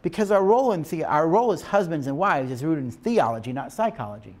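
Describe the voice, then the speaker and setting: A man teaching a class of couples in an emphatic, preacher-like manner, stopping to check that his listeners follow. His voice sits fairly high for a man and swings widely in pitch. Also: sing-song, quick pace, darkish tone. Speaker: marriage teacher. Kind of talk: lecture to couples.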